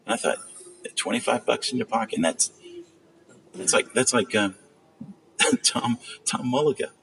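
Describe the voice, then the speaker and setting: Gravelly animated male storyteller. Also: moderate pace, low-quality recording. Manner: animated storyteller, acts out quotes with big pitch jumps. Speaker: magician and storyteller guest. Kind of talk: casual storytelling chat.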